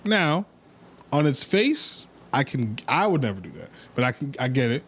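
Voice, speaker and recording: A man's voice: medium pitch, big pitch swings, moderate pace, fairly bright tone, husky. A man hosts a casual podcast in a loose storytelling manner. He drops blunt opinions in an easygoing way. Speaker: podcast host. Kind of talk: casual chat.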